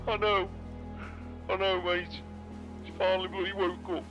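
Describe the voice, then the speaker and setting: A man talks excitedly in a game roleplay, his voice high for a man. The sound is dull and lo-fi, with loud music behind him. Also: moderate pace. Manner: excited, emphatic, swears often. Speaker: roleplay player. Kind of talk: in-character phone call. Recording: dull lo-fi phone-style audio with music.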